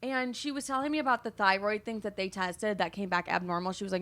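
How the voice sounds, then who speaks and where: A woman's voice: medium pitch, steady tone, quick pace, fairly bright tone. A young woman in her twenties chats through a solo podcast episode in her apartment. She is breezy and dramatic, swears freely and sounds a little tired. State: tired and low on energy. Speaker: podcast host. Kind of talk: casual solo podcast chat. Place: her apartment, construction noise outside.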